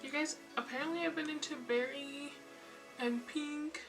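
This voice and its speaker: A young woman vlogging casually to camera, flustered and rushed, laughing at herself. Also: high voice, steady tone, recorded from a distance, over music. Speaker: beauty vlogger.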